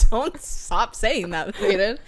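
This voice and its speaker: A young adult woman co-hosting a casual book podcast, animated and swearing freely while she mimics characters. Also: mid-range voice, slow pace. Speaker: podcast co-host.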